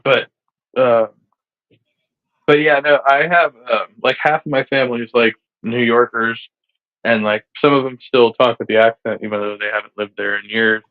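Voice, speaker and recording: A man's voice: medium pitch, fairly even intonation, normal speed, no echo. A man in casual chat, laid-back and heavy on fillers. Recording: tinny phone-like line.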